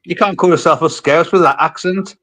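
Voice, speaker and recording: A man's voice: on the high side, brisk, a bit bright. An English man in a casual online chat, conversational and teasing. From England.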